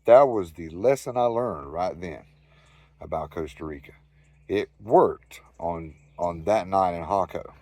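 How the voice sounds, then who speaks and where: A man's voice: low voice, measured pace, a little mellow, dry recording. A man with a Southern US accent telling a rambling, profane anecdote in casual storytelling style. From Southern United States. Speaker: storyteller host.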